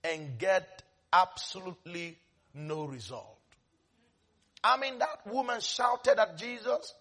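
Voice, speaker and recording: Animated preacher with a bright husky voice. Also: male voice, sits high, takes it slowly, long pauses. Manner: animated, swinging from quiet asides to loud shouting. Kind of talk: sermon.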